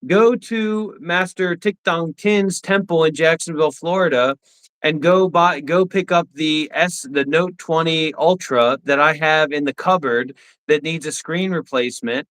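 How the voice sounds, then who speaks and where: A man's voice: a little high, a little slow, fairly bright tone, clean tone, rough recording. A man co-hosting a casual livestream, who talks in a pushy, lecturing, mocking way. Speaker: co-host.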